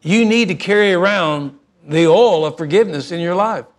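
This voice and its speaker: Middle-aged pastor, somewhat high-pitched, folksy and animated, slowing down for emphasis. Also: male voice. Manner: folksy, animated, shifts between fast asides and slow emphasis. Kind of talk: sermon storytelling.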